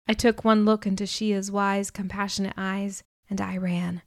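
A woman's voice: medium pitch, level tone, moderate pace, few pauses, dry recording, studio quality. Earnest woman narrating a novel. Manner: emotional, earnest reading. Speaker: audiobook narrator. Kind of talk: first-person novel narration.

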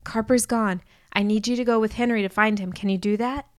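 A woman voicing a wise, gentle mentor man. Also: a little high, fairly even intonation, brisk, no room sound, studio quality, natural voice. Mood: gentle, firm. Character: wise, compassionate man giving counsel.

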